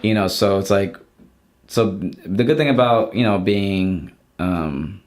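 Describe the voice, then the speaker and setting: Low-voiced man chatting loosely. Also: slow. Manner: chatty, rambling with many restarts. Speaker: podcast guest, artist. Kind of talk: casual chat.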